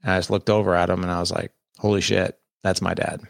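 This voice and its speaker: Gravelly low-voiced Midwestern man telling his story. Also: flat delivery, fast talker, dry recording, clean studio sound. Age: 40s. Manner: candid, conversational, quotes people in dialogue. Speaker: guest. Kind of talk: personal storytelling in a podcast interview.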